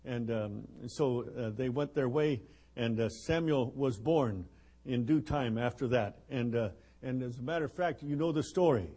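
Husky older man preaching folksy sermon. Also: mid-range voice, moderate pace, mellow. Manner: joking, rambling, with chuckles and fillers. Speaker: preacher at a missions conference.

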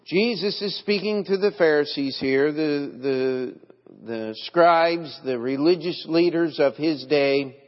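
A man with a fairly high voice preaches an evening sermon slowly, earnestly and emphatically, reading scripture aloud. He is a pastor, and the audio is dull, with a long church reverb.

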